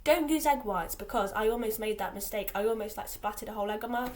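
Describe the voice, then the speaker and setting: A woman's voice: medium pitch, fast. A teenage girl from England chatting aimlessly in a casual vlog, full of fillers and restarts. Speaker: vlogger. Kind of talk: rambling casual vlog chat.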